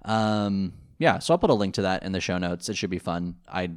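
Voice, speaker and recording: At home, a podcast co-host with a deep, expressive voice talks fairly quickly, rambling through lots of fillers and restarts. He laughs easily.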